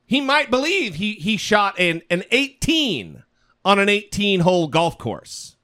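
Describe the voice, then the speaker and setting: A man's voice: high voice, sing-song, a little slow, sharp tone. A man co-hosting a political podcast, ranting sarcastically and swearing freely. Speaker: podcast co-host. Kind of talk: casual political chat.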